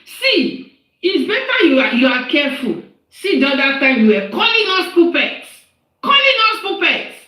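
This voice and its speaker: A woman's voice: high voice, a bit bright. Scolding woman ranting. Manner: scolding, repeats lines for emphasis, rhetorical questions. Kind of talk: angry live-stream rant. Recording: echoey live-stream audio.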